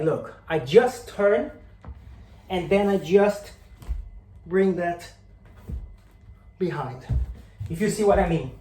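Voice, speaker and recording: Male capoeira instructor, unhurried, calls out each move, roomy recording. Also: high-pitched, lively intonation, a little mellow. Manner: counts and calls out moves while demonstrating; drifts on and off mic while moving. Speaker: capoeira teacher. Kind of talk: instructional demonstration. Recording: echoey room, faint noise.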